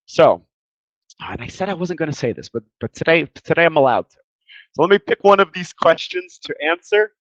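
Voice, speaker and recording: A man's voice: a little high, animated, a little fast, no echo. Tired guy teaching english grammar, chatty, stumbles over words, kinda dull dry sound. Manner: chatty, repeats words while thinking. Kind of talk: casual grammar lesson.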